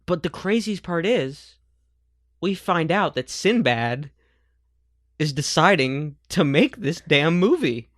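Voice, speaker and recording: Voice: medium pitch, sing-song, takes it slowly, no room sound, studio quality. A podcast co-host in casual chat, wry, sarcastic and stubborn.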